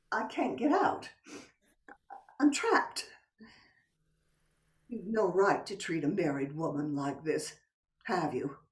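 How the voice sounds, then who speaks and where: Woman doing a flirty teasing wife, slowish and lively, echoey, a bit off mic. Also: mid-range voice. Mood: mock distress. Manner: teasing, coquettish, drops to whispers. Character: coy married woman playing a seductive game. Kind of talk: stage play acting. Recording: echoey room, from a distance.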